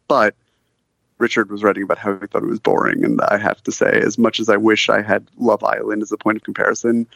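A man's voice: on the low side, gravelly, a bit bright, dry recording. A man co-hosting a podcast, chatting casually in a wry, rambling way with many fillers. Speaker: podcast co-host. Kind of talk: casual chat.

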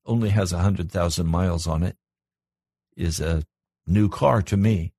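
A man preaching as a pastor, earnest, his voice climbing higher and louder when he presses a point. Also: a little slow, slightly rough. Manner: earnest, rises in pitch and volume when stressing a point. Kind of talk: sermon.

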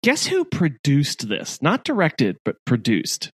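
A man's voice: fairly high pitch, wildly swooping pitch, slow, husky, no room sound. A man co-hosting a podcast, chatting about movies in a playful, teasing way with small stumbles. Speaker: podcast co-host. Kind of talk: casual movie chat.

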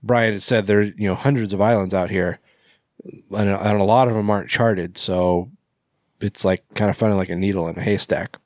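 A man's voice: fairly low pitch, steady tone, moderate pace, darkish tone, no room sound, clean studio sound. A man casually recapping a movie on a podcast, rambling with fillers and self-corrections. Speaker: podcast co-host.

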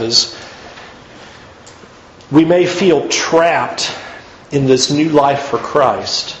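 A man preaching a sermon in an earnest, emphatic way, pushing his pitch up to stress his points. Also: creaky, roomy sound, highs cut off, slight background noise.

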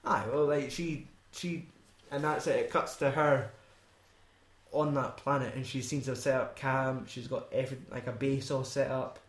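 A Scottish man talking loosely about a film, with rambling, sweary asides and frequent laughter. His voice sits at a middling pitch. It carries a noticeable room echo. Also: steady tone, normal speed. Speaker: podcast co-host. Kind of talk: casual film chat.

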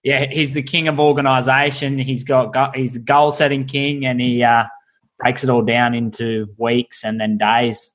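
A man hosting a casual podcast interview. His pitch is mid-range, and he speaks in a relaxed way with short interjections and friendly slang. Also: normal speed. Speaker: podcast host.

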